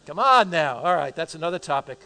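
A man's voice: fairly high pitch, sing-song, a little fast, vocal fry, pushed and bright. An American man preaching a sermon, calling out questions to the audience and joking with them. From United States. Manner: call-and-response, joking with the audience. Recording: long hall reverb.

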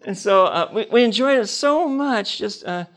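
A man's voice: high voice, expressive, moderate pace, a bit bright. An older man preaching a personal testimony, telling stories with laughter and acting out the dialogue.

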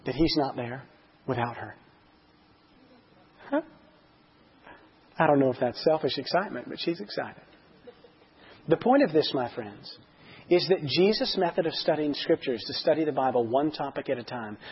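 A man teaching a church Bible lesson in an earnest way, often rising to excited emphasis, heard on a dull lo-fi sermon recording. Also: fairly high pitch, slightly rough.

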